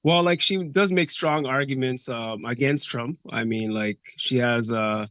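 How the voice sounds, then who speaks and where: A man's voice: medium pitch, measured pace, fairly bright tone, dry recording. Young male caller, Caribbean accent, hesitant and filler-heavy, dry close sound. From Canada. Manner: hesitant, many fillers like "like" and "you know". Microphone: video call.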